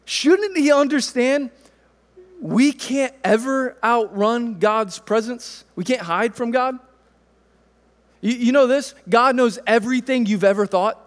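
A man in his thirties preaching a sermon, telling a family story in a relaxed, conversational way. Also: very high voice, slow pace, in a large hall. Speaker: pastor.

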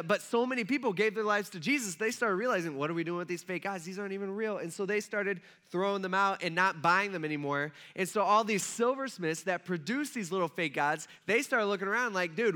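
Bright-voiced man preaching casually. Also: sits high. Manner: casual, conversational preaching with asides to the congregation. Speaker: pastor. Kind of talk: sermon.

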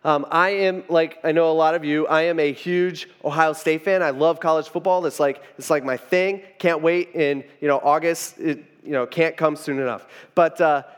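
A man's voice: fairly high pitch, steady tone, moderate pace, few pauses, smooth, long reverb tail. A man preaching a sermon in a loose, conversational way, full of informal asides and restarts. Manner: informal, rambling with frequent "you know" asides. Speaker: pastor.

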